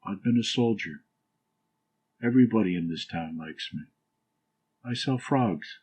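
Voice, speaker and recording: A man voicing a drunk, boastful old Italian fishing guide who talks rapidly in broken English. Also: lowish voice, lively intonation, a little mellow, slightly rough.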